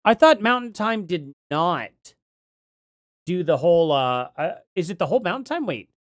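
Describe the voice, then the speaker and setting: A middle-aged man chats loosely on a livestream and works things out aloud. His pitch jumps up and down a lot, and he keeps trailing off into ums and false starts. The sound is dry and close, with almost no room echo. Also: smooth. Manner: rambling, thinks aloud with many ums and restarts. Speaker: livestream host. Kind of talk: casual livestream chat, reading chat aloud.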